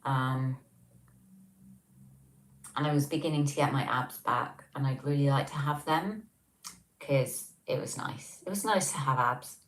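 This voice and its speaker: A very deep voice, unhurried and broken by long pauses, belongs to an English-accented woman hosting a casual livestream from home. She chats and reads out comments in a rambling way full of ums, recorded on a tablet on a table.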